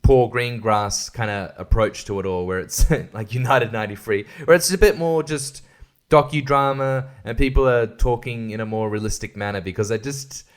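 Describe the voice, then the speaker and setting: A man's voice: mid-range voice, normal speed. A man hosting a podcast, chatting casually about a film in a rambling, joking and profane way. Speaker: podcast host. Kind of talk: casual film-review chat.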